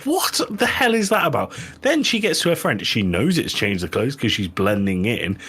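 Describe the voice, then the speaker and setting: A man's voice: mid-range voice, big pitch swings, normal speed, a bit bright, husky. A British man co-hosting a podcast, ranting and swearing at a film he found stupid, acting out its scenes. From Britain. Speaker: podcast co-host. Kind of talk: casual chat, film review.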